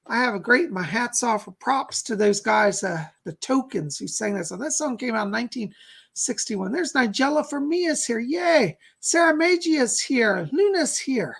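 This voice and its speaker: A man's voice: very high voice, fairly bright tone. A man in his sixties hosting a live-stream chat as a psychic medium, gushing and exclamatory as he greets viewers.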